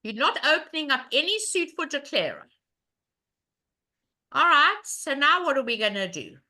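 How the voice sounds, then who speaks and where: A woman's voice: high-pitched, big pitch swings, moderate pace, sharp tone. A woman teaching a live online bridge lesson, walking through a hand in a chatty way and asking the class questions as she goes.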